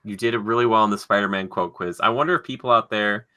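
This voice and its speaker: Young male podcast host with a very bright, sharp tone and an animated, joking delivery. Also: fairly low pitch, fast talker. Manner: animated, laughing, playfully acting out movie quotes. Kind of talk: casual chat, running a movie quote quiz.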